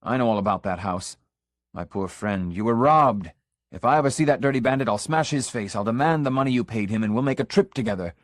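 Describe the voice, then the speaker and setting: A man's voice: on the low side, fairly quick, dry recording, clean studio sound, natural voice. Man voicing a boastful, volatile young suitor. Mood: indignant.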